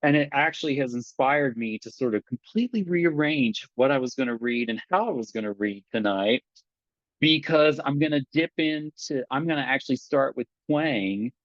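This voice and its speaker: A man from Appalachia reads his poetry aloud, joking casually between pieces and slowing down into careful, deliberate lines when he reads. His voice comes over a video call with dull, muffled sound in a dry space with no room echo. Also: mid-range voice. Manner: relaxed, wry asides; slow, deliberate delivery when reading poems. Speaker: guest poet. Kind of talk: poetry reading with casual introductions.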